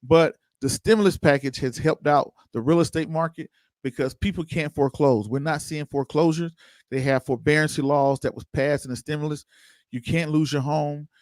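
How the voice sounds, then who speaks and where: A man's voice: fairly high pitch, moderate pace, dry recording. A man hosting an investing livestream, chatting loosely and answering viewers' comments by name. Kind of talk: casual livestream commentary reading chat.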